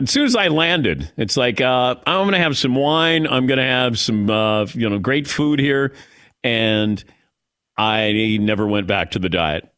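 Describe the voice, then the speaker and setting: A male radio show host telling a story in casual chat, acting out the quotes as he goes. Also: fairly low pitch. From Irish heritage. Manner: animated storyteller, acts out quotes.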